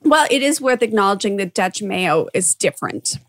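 A woman's voice: medium pitch, sing-song, moderate pace, a bit bright. A North American woman co-hosting a casual chat, giggly and enthusiastic. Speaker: podcast co-host.

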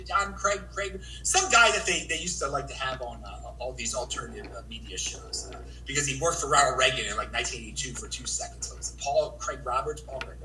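An American man talking as a livestream guest, animated and rambling, stammering and repeating words as he goes. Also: mid-range voice, fairly quick, hardly any pauses, roomy sound, far from the mic, slight background noise, rough recording. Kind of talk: livestream interview.

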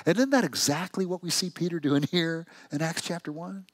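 A male pastor delivers a sermon in a lively, conversational style, asking his listeners one question after another. His voice sits a little high for a man. The recording is close and dry. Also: fairly quick, few pauses, no echo. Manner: conversational, animated storytelling with rhetorical questions.

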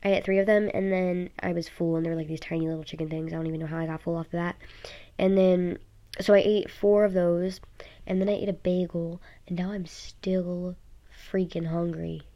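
Recorded on a phone app, this teen vlogger talks from home, sounding tired as she strings together rambling thoughts filled with "um" and "like." She has a lowish, mellow voice, a steady tone, and speaks a little fast.

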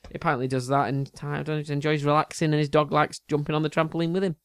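A man's voice: on the high side, little pitch movement, rapid-fire, smooth, no room sound, clean studio sound. A man co-hosting a casual chat, quizzing his partner with teasing jokes and frequent laughs. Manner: jokey, teasing, laughs often. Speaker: podcast co-host, quizmaster.

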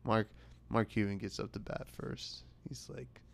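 A man's voice: lowish voice, fairly even intonation, unhurried, gravelly, no echo. A young man hosting a podcast, telling a rambling, self-mocking comic story and acting out other people's lines. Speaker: podcast host. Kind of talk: comedic storytelling monologue.

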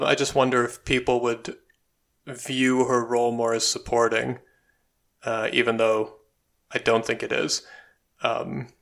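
A man's voice: mid-range voice, vocal fry, fairly bright tone. A man co-hosting a podcast, giving opinionated film reviews in casual chat, with frequent ums and likes. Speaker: podcast co-host.

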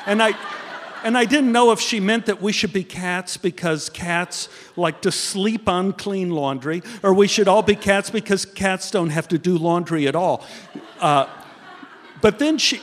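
High-voiced animated man telling stories. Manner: animated, acts out dialogue with big pitch jumps. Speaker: guest storyteller. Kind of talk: comic personal storytelling on stage. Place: live theater stage. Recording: long hall reverb from live venue.

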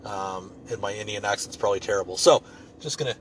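A man's voice: fairly low pitch, quick pace, a little hiss or hum. A man telling a story in a casual, rambling way, swearing freely and joking as he goes. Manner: profane, rambling, loose and joking.

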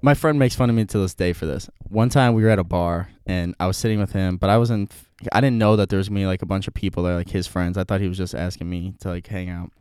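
A man's voice: deep voice, fairly even intonation, fast talker, hardly any pauses, darkish tone, smooth, no echo, clean studio sound. A young man chatting casually on a podcast, rambling with many fillers and restarts.

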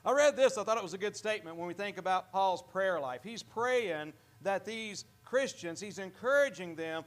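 A pastor preaching a sermon in a church, earnest, often repeating and restarting words. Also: male voice, sits high, lively intonation, moderate pace, hardly any pauses.

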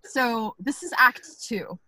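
A young woman co-hosting a podcast, telling a story in a casual, animated way, full of "like" and swearing. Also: a little high, takes it slowly. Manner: animated, laughing, swearing, lots of "like". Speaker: podcast co-host.

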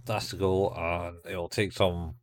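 Low-voiced man recapping an anime. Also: flat delivery, takes it slowly. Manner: rambling, acts out characters' lines. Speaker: podcast co-host. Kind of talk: casual chat recapping an anime episode.

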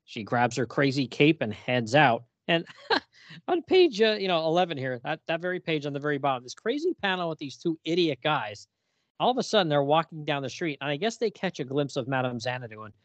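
Man retelling a comic, animated. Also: on the high side, brisk, no echo. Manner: animated retelling, laughs often. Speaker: podcast co-host. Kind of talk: casual chat.

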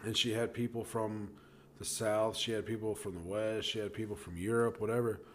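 A man's voice: on the low side, level tone, normal speed. Young man rambling in casual chat. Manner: rambling retelling with restarts and profanity.

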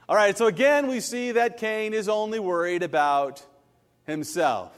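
A male pastor delivers a sermon with a bright, high-pitched voice that leaps up and down. He tells stories with real animation and acts out the people he quotes. His words ring through a large hall with a long reverb. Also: lively intonation, normal speed.

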